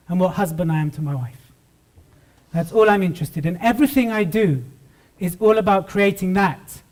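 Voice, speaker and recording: A British man giving a lively motivational talk on stage to a live audience, joking with the crowd. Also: sits high. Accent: British English. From Britain. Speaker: keynote speaker.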